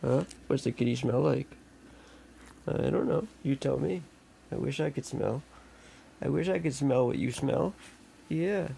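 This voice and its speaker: A man at home cooing sing-song baby talk to his pets, his voice swooping high. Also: a little slow, creaky, pauses often, dark tone, a little hiss or hum. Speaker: pet owner.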